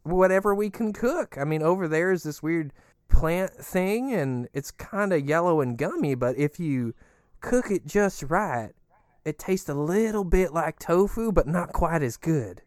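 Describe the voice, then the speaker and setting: A man playing a laid-back, foul-mouthed resident who rambles on with a swooping, animated voice. The sound is dry and close, with nothing in the background. It is a comedy podcast. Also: measured pace, no echo. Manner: chatty, crude, swinging pitch. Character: rambling, easygoing male resident inside a giant creature.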